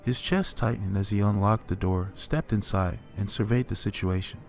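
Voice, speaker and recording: Male horror narrator, low and measured, faint music bed. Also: fairly even intonation. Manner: measured, dark storytelling. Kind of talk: scripted horror story narration.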